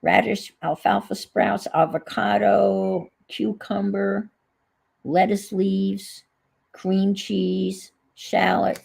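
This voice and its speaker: A woman's voice: mid-range voice, level tone, extremely slow, vocal fry, a little mellow, husky, low-quality recording. A middle-aged woman with a New England accent, chatting casually on a livestream, reminiscing and reading viewer comments aloud. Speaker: livestream host.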